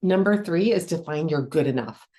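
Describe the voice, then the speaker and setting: A woman's voice: low-pitched, animated, normal speed, dark tone. A middle-aged woman hosting a solo podcast, explaining ideas conversationally with restarts and ums while chewing a cough drop. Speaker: podcast host.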